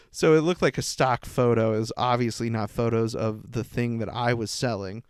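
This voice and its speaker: A man's voice: medium pitch, smooth, dry recording, studio quality. A young man hosting his own podcast, rambling casually through stories, laughing at himself and swearing. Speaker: podcast host. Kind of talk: rambling solo podcast monologue.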